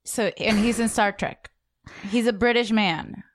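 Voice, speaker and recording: A woman's voice: mid-range voice, fairly even intonation, a little slow. A woman co-hosting a podcast in casual chat, rambling, swearing freely and laughing often. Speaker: podcast co-host.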